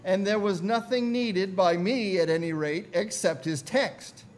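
A male pastor narrates a story from the pulpit, building his points through repetition. He speaks slowly and deliberately. His voice sits high for a man. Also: a little hiss or hum. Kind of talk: sermon storytelling.

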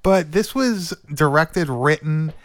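A man's voice: on the high side, expressive, takes it slowly, dry recording, studio quality. A man casually talking about an old horror movie on a podcast, loose and chatty, stumbling over names and swearing now and then. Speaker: podcast co-host.

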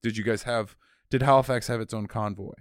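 A man co-hosting a podcast who needles his guest with rambling questions full of "like" fillers. His voice sits at a mid pitch and sounds smooth and clean. It is recorded close and dry. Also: fairly even intonation, fairly quick, no echo. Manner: teasing, filler-heavy questions. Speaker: podcast co-host. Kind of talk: casual podcast banter.

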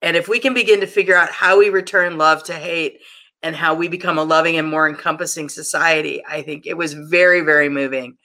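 A middle-aged podcast host speaking in an earnest, measured and supportive way while leading a discussion. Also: mid-range voice, fairly even intonation, sharp tone.

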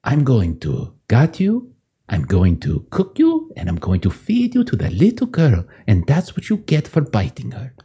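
A man's voice: mid-range voice, wildly swooping pitch, normal speed, mellow, husky, full character voice. A man voicing a menacing male butcher who threatens to cook a goat. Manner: gloating, then shrieking in pain.

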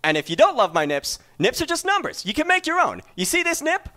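A man doing a loud, high-pitched infomercial pitchman. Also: wildly swooping pitch, a little fast, heavily acted. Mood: salesy. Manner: loud, pushy sales patter. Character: hyped-up male infomercial pitchman. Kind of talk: parody infomercial video.

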